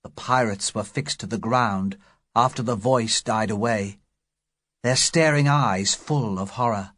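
A man reading an adventure story aloud as narrator, slowly and clearly for English learners. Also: lowish voice, a bit bright, no echo, studio quality. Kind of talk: scripted audiobook narration.

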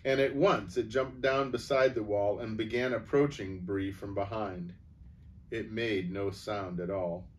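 A man reading a children's storybook aloud in a gentle, unhurried way. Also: on the low side, steady tone, far from the mic.

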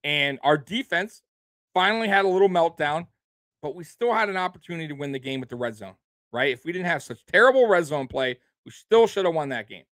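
Here a sports-show host, a man with a slightly high, animated voice, talks a little fast in a fairly bright tone without echo. Furious at his team, he swears constantly, says the same things over again, and ends lines with "man" and "bro."

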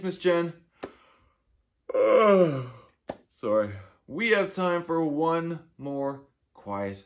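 A man, a children's librarian, reading a picture book aloud to kids in an animated, playful way. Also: medium pitch. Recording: echoey room.

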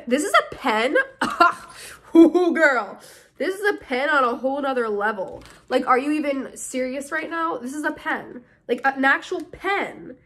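A woman's voice: sits high, animated, measured pace, a bit bright. A woman in her early twenties, chatting bubbly and gushing as she opens and reads fan mail aloud in a casual vlog. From United States. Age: early 20s. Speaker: YouTuber opening fan mail.

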